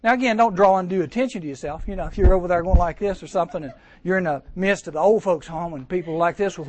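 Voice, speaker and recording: A man preaching a sermon to teens, lively and joking, acting out voices and asking the crowd questions. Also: high-pitched, no echo. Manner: lively, acts out voices, jokes, rhetorical questions. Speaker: camp speaker.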